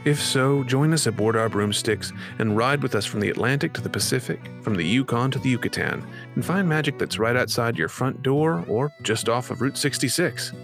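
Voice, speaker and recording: A man's voice: medium pitch, moderate pace, few pauses, over music. Man co-host reading an upbeat intro. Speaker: podcast co-host. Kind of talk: scripted show intro.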